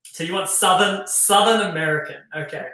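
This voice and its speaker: Brief: Australian male host, casual and rambling, bright voice, roomy echo. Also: high voice, brisk, recorded from a distance. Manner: chatty, loose, lots of fillers. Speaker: show host. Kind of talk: casual hosted talk. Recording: echoey room.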